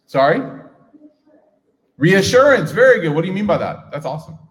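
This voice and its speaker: A man's voice: high voice, sing-song, moderate pace. Man teaching a class in a reverberant hall. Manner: engaging, asks the audience questions.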